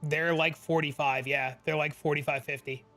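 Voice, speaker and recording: Excitable high-voiced young man streaming. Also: moderate pace, soft background music. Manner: excitable, swears freely, reads chat aloud. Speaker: game streamer. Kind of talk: casual live-stream chat.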